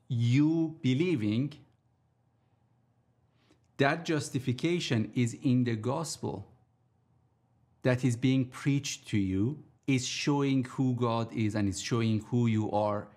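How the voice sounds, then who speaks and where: A man teaching a sermon on scripture, deliberately repeating his key points for emphasis. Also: mid-range voice, darkish tone. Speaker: Bible teacher.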